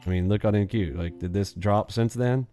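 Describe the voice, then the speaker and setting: Mellow-voiced joking man hosting a trading stream. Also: lowish voice, normal speed, soft background music. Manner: joking, rambling, playful sound effects. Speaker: live trading stream host. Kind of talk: casual chat while trading live.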